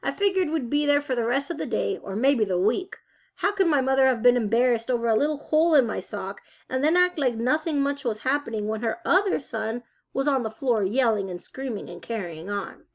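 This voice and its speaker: A woman reads a children's novel aloud, telling the story expressively. Her voice sits a touch high. The sound is somewhat muffled and dull. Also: animated, fairly quick. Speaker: reader.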